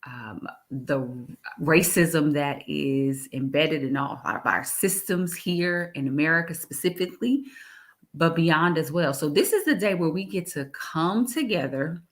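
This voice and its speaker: A woman talking in a casual interview, animated, laughing often and repeating her phrases. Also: sits low, unhurried. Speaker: guest, executive director.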